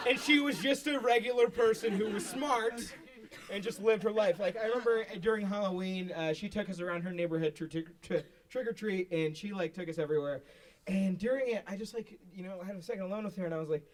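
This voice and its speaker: Man doing stand-up comedy, animated storyteller, high excited shouts, live club sound a bit off-mic, crowd laughing. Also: fast, distant mic. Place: small live venue with audience.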